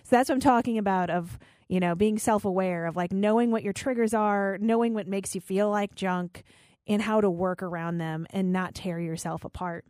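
A woman's voice: medium pitch, steady tone, normal speed, darkish tone, no room sound, clean studio sound. A woman in her forties who works as a radio host, answering an interview question in a candid, rambling, self-deprecating way.

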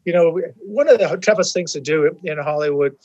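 Guy hosting a podcast, stumbles and repeats words, slightly high voice, muffled lo-fi sound. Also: a little fast, darkish tone. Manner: hesitant, repeats words while asking. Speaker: podcast host. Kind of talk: interview questions.

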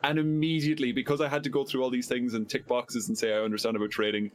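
Animated, chatty man. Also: quick pace. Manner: animated storyteller, acts out quoted callers in a high voice. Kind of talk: casual podcast chat.

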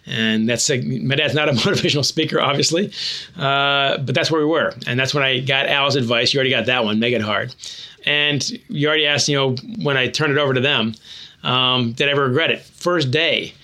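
Speaking fairly quickly in a mid-range voice, this man responds to an interviewer with lively stories that poke fun at himself. He is an author who once coached hockey.

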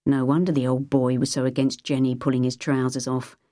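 Woman, audiobook narration, measured, low voice, dry studio sound. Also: level tone, warm tone, dry recording.

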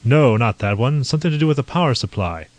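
A man's voice: mid-range voice, expressive, darkish tone, dry recording, close to an everyday voice. Captain Lacey, a man doing a hearty naval officer. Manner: hearty, quick, exclamatory. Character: bluff male naval captain, hearty and excitable.

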